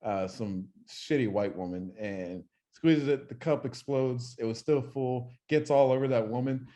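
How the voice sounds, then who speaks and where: A man's voice: medium pitch, measured pace. Young man telling stories casually. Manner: animated storyteller, swears freely. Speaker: podcast co-host. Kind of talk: casual chat.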